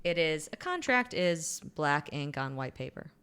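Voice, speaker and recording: A woman's voice: deep voice, very animated, measured pace, a bit bright, slight background noise. A young woman co-hosting a podcast, animatedly retelling a romance novel's plot and acting out the characters' lines in casual chat.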